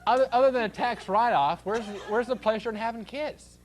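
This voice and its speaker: A man's voice: very high voice, a little fast. A man hosting a talk show, ranting comically and bursting into shrieks and laughter. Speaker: host.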